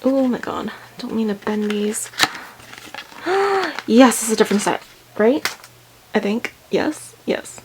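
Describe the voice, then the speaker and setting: A woman in a casual unboxing vlog, excited and out of breath, gushing with many ums as she goes. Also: on the high side, a little slow, long pauses, noisy background. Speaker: unboxing vlogger.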